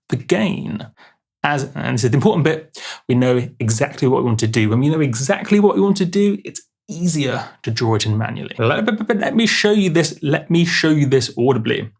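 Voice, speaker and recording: A man's voice: medium pitch, creaky, a little mellow, slightly rough. A man explaining music production in a casual video tutorial, chatty, with jokey asides and restarts.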